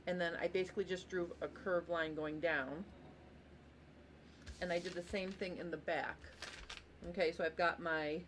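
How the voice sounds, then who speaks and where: A woman's voice: lowish voice, a little hiss or hum. A woman hosting a live sewing tutorial, chatty and apologetic as she walks viewers through tracing a pattern and greets them by name. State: tired, yawning. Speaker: sewing instructor and host.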